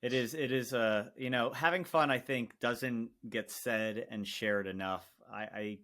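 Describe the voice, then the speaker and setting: A man speaking as a podcast co-host in relaxed, reflective casual chat. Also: mid-range voice, a little slow.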